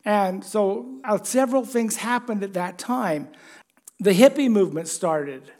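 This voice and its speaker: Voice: mid-range voice, unhurried, darkish tone. A pastor giving a conversational sermon, chatty and joking, putting questions to the congregation.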